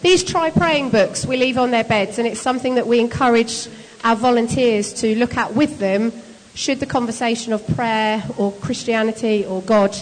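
Brisk, teasing woman in a hall. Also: on the high side. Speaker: shelter volunteer leader running a bed-making activity. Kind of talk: casual instructions to a group.

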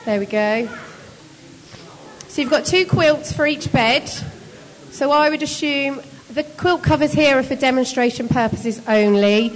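A woman with a fairly high voice talks briskly, giving out tasks and teasing the people she is guiding in a casual, encouraging way. Her voice carries a long reverb, as if recorded from across a large hall. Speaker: shelter volunteer leader running a bed-making activity. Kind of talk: casual instructions to a group.

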